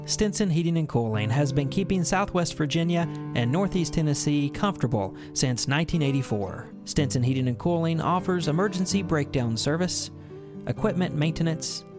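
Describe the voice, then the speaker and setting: Male station announcer, upbeat projected read, slightly high voice, clear guitar music behind. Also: lively intonation, normal speed. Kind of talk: radio station ID and sponsor ad.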